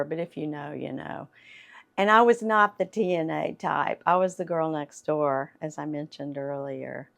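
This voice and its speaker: Older lady, light southern lilt, slow gravelly storyteller talking to a crowd. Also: sits low. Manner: chatty, unhurried, laughs often. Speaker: actress and voiceover artist giving a talk. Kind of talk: storytelling talk to an audience.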